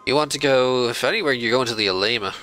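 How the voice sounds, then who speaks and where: With soft music in the background and poor audio, a let's-play host chats over a strategy game and scolds the computer opponents in mock outrage. His mid-range voice is quick, bright and forceful.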